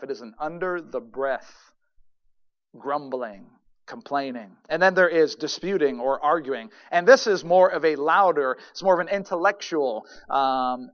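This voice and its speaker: A man preaching a sermon in a church, his voice sitting a little high. He drives points home loudly, then drops to a near mutter. The recording is dull and lo-fi. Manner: emphatic preaching, swings from loud to murmuring. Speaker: pastor. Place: church sanctuary.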